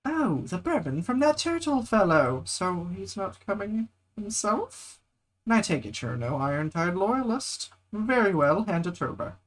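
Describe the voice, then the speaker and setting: An actor playing a shady male smuggler who runs a tavern, talking like a smooth, wheedling dealmaker. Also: high-pitched, sing-song, a little slow. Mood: sly.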